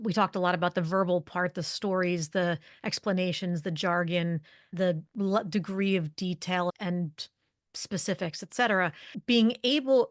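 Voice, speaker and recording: A woman's voice: medium pitch, dry recording, clean studio sound. Articulate woman explaining leadership presence. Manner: articulate, explanatory, lists points in quick series. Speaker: guest, leadership communication expert. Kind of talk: podcast interview.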